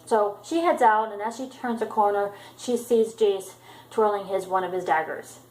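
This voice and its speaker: A woman's voice: mid-range voice, moderate pace, darkish tone, echoey room, poor audio. A woman casually retelling a book chapter in her own words, with frequent ums and restarts. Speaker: book vlogger.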